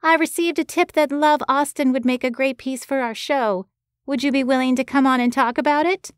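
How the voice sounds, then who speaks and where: A woman's voice: sits high, steady tone, fairly quick, no echo, studio quality, pitched above the performer's own voice, close to an everyday voice. A woman putting on a nasal Boston producer. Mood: businesslike.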